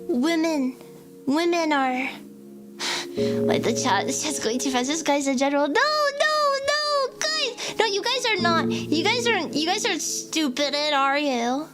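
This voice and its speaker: Giddy high-voiced young woman streamer. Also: big pitch swings, unhurried. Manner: rambling and giddy, jumping to squeaky highs. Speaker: VTuber streamer. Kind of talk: rambling live-stream chat. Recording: loud background music.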